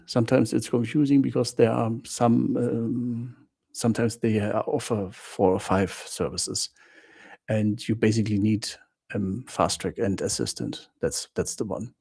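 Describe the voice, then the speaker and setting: A man's voice: medium pitch, creaky, dark tone, husky. A man hosting a travel live stream, chatting with viewers in simple non-native English, greeting them by name and laughing often. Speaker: travel channel host.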